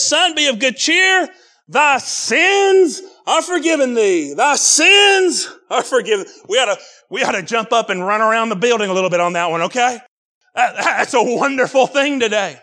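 A male preacher delivering a fiery revival sermon, rising to shouts and calling out to the congregation. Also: very high-pitched. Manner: builds to shouted excitement, calls out to the congregation.

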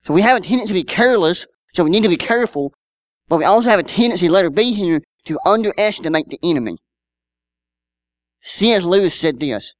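A man's voice: high-pitched, lively intonation, quick pace, no room sound. A man, preaching a sermon in a conversational style with rhetorical questions and personal stories. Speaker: pastor.

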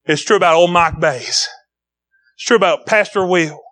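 Male pastor preaching, high voice, bright tone, loud then quiet delivery. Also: moderate pace. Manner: preaching with swings between loud emphasis and low quiet delivery. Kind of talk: sermon.

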